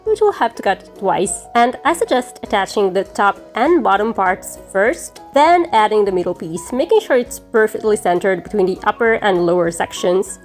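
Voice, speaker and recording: A woman hosting a crafting channel, giving friendly, clear step-by-step instructions in a scripted tutorial voice-over. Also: medium pitch.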